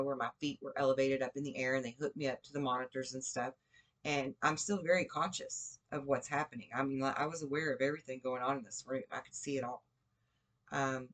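A woman's voice: a bass voice, fairly bright tone. A woman recounting a personal experience in a rambling, conversational way, with frequent fillers and restarts. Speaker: podcast speaker. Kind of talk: personal storytelling.

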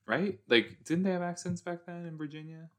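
A man giving chatty, excitable reaction commentary as he watches a TV episode, gasping and exclaiming along. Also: a little high, moderate pace. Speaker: reaction video host.

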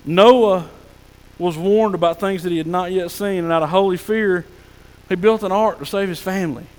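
A male pastor preaching a folksy sermon, sometimes dropping to a soft hush. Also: high voice, moderate pace, in a large hall, poor audio. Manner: folksy preaching, drops to soft hushed tones for God's whispers. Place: church sanctuary.

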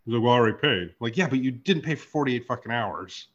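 A man's voice: mid-range voice, lively intonation, fast, a bit bright. Man, podcast host, casual chat, swearing, acts out dialogue, muffled lo-fi audio. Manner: profane, storytelling with reenacted dialogue.

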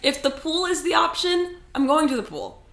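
A young woman from California chats casually on a podcast, animated and quick to swear and laugh. Her voice is bright and a touch high. The room around her is echoey. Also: vocal fry. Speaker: podcast co-host. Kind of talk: casual chat.

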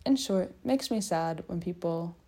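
A young woman with a lowish, dark-toned voice rambles through a personal monologue, animated yet unhurried. She muses and pokes fun at herself as her talk loops loosely around. People can be faintly heard in the hallway behind her.

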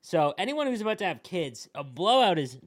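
A young man hosting a casual gaming podcast, chatty and quick to react. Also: high-pitched, very animated, no room sound, studio quality. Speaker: podcast host. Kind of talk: casual chat.

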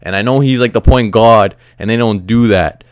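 Profane, rambling young podcaster. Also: male voice, lowish voice, moderate pace, clear, resonant tone, dry recording, studio quality. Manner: frustrated, profane, rambling with filler words. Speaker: podcast host. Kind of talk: casual solo sports podcast rant.

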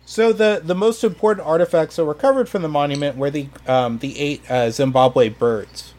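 A man with a slightly higher voice walks through history in a casual podcast chat. He hesitates often, fills pauses with ums and restarts his sentences. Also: a little mellow. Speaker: history presenter.

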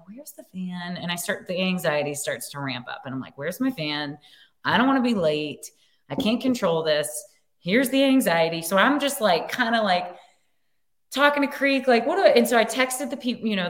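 A woman actor as a podcast guest, telling a story in an animated, giggly way with lots of filler words. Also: fairly low pitch. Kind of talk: casual storytelling chat.

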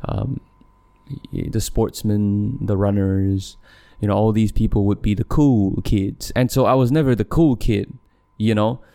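A young man from Malaysia talks on his own podcast in a lowish, easygoing voice. He rambles, restarts his sentences and laughs often as he goes. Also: mellow, clean tone. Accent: neutral English with a light Malaysian tinge. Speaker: podcast host. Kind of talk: casual solo podcast monologue.

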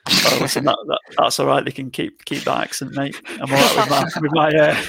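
A man's voice: mid-range voice, little pitch movement, a little fast, creaky, bright, forceful tone, husky, dry recording. A man with a Lancashire accent, chatting and joking as a panelist on a podcast. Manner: jokey, banters with the others. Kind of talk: casual chat.

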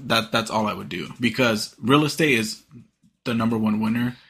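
A young man in crude, casual banter, laughing often and teasing loudly. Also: on the low side, normal speed, breathy edge.

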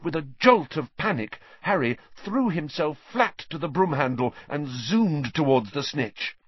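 Male audiobook narrator, animated and dramatic, slightly husky, dry lo-fi sound. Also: on the high side, a little slow, no room sound. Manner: dramatic, shifting pace with the action. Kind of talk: storybook audiobook reading.

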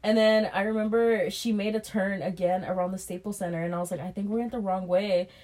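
Medium-pitched and brisk, this woman shares a bad-date story on her podcast. It's a casual, profane, lively retelling where she performs both sides of the conversation.

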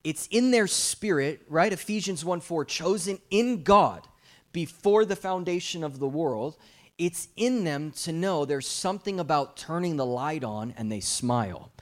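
A man's voice: on the high side, measured pace. A young adult man preaching a guest sermon at a church service, telling stories with light jokes. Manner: animated storytelling with jokes.

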